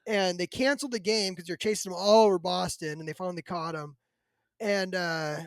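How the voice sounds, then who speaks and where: A man in his thirties hosting a podcast, telling a casual story in a rambling, filler-heavy, animated way. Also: high-pitched, a little fast, no room sound. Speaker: podcast host.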